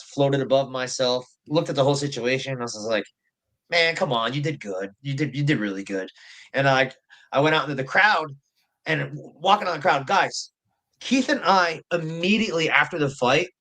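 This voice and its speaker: A fairly high-voiced man talks as a podcast guest. He tells stories loosely, stumbling over repeated words and swearing freely, in a casual chat style. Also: bright, forceful tone. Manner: rambling, profane, repeats himself. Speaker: guest, professional bare-knuckle fighter.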